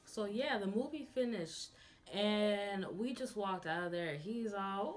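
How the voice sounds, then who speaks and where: A young woman vlogger telling a storytime tale in a sassy, animated way, talking to her viewers like friends. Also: medium pitch, takes it slowly, faint music behind. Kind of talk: storytime vlog.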